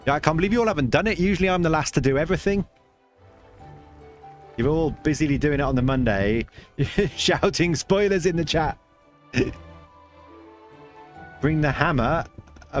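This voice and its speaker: A man's voice: on the high side, lively intonation, normal speed, pauses often, faint music behind. Chatty man streaming a game. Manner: chatty, reads chat aloud, rambling with restarts. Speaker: livestream host. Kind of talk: casual game livestream chat.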